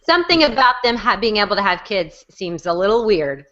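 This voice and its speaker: A woman chatting casually as a podcast host, jokey and full of quick asides. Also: medium pitch, big pitch swings, a bit bright. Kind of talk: casual chat. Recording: dull lo-fi recording.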